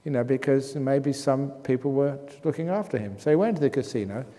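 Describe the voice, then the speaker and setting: A Buddhist monk from England answers questions at a retreat, spinning humorous anecdotes as he teaches. His voice is mellow and mid-pitched. A long hall reverb hangs behind every word. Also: a little fast. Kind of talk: Q&A talk at a retreat. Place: meditation hall.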